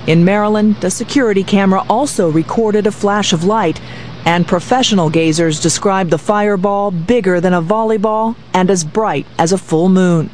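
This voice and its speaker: A woman news reporter reading a scripted report in a crisp, measured way. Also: mid-range voice, a little mellow, slight background noise.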